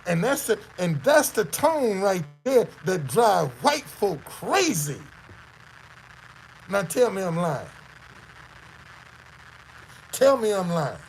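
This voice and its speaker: A man's voice: high voice, sing-song, takes it slowly, vocal fry, long pauses, slight background noise, poor audio. A man from the Southern United States with a Southern accent, hosting casual commentary on a clip; he talks emphatically, repeats phrases and throws out rhetorical questions. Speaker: host.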